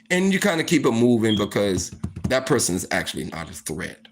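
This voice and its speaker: A man telling a story in a casual monologue, profane and animated, full of fillers like "like" and "you know.". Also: fairly low pitch, fairly quick, a little hiss or hum. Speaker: storytime vlogger.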